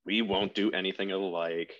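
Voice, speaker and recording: Brash low-voiced male player, lo-fi. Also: steady tone, brisk, fairly bright tone. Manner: brash, swearing. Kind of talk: casual chat at a game table.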